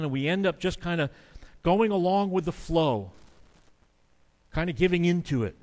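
A man's voice: a little high, long reverb tail. A man preaching a sermon in an earnest, conversational way, now and then acting out the quotes he discusses. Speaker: pastor.

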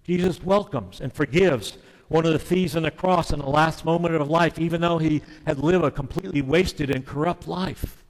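A male pastor preaching a sermon, earnest and emphatic, dropping suddenly to soft, quiet phrases. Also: fairly high pitch, moderate pace, long reverb tail, poor audio.

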